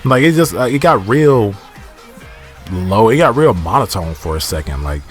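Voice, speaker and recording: A man's voice: on the low side, sing-song, normal speed, soft background music. A man casually recapping a TV episode in a rambling, slangy way, often restarting his sentences. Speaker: TV episode reviewer.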